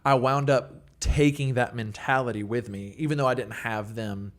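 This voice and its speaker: A man's voice: mid-range voice, normal speed. A young man, a worship leader and songwriter, telling stories in a casual podcast interview with lots of fillers. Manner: rambling, filler-heavy, animated storytelling.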